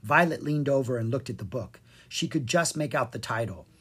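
Husky, animated children's-book narrator. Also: mid-range voice, a little fast. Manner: animated storytelling, voices each character. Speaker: audiobook narrator.

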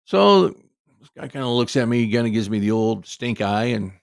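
Middle-aged male storyteller, gravelly and dry-miked, folksy and rambling. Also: medium pitch, expressive, normal speed, dry recording. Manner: rambling, folksy, lots of asides. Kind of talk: casual personal anecdote.

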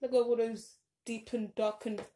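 A woman's voice: a little high, little pitch movement, moderate pace, dark tone. A young woman, maybe in her teens, chatting casually to camera, rambling with lots of "like"s and sudden dramatic emphasis. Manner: rambling, chatty, self-interrupting with many "like"s. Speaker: vlogger. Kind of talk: casual chat.

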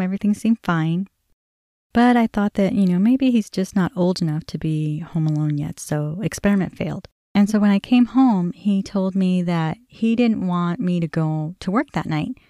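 A woman's voice: medium pitch, warm tone, no room sound, studio quality. A woman in her forties hosting a podcast, candidly recounting her family's story in a conversational way, acting out quoted dialogue with many "you know" fillers. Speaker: podcast host. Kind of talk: personal storytelling.

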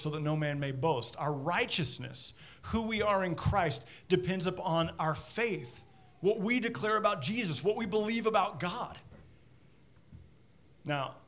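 A middle-aged male pastor preaching in a fairly high voice. He talks in a chatty, self-deprecating way and stumbles over repeated words as he builds up each point. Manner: animated. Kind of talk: sermon.

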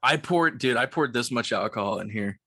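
Tipsy man recapping a film, bright voice. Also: mid-range voice, a little fast, breathy edge, dry recording, studio quality. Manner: excited rambling retelling, heavy swearing and "like" fillers. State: tipsy from liquor. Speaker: podcast co-host. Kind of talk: casual movie-recap chat.

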